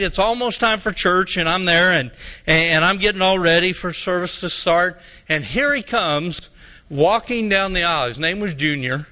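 Male pastor from Colorado, high bright voice, folksy storytelling sermon. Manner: folksy storyteller, acting out both sides of a dialogue.

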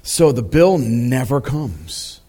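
A man's voice: medium pitch, big pitch swings, slow pace, dark tone, breathy edge. A male pastor preaching a sermon in a conversational storytelling way, with frequent fillers and asides to the congregation.

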